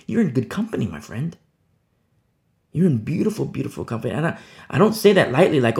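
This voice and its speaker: A man delivers a sermon in a gravelly voice of middling pitch. He presses his points with rhetorical questions, rising to loud emphasis and then dropping to a hush. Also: sing-song, fairly quick. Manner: swings between loud and hushed. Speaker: preacher.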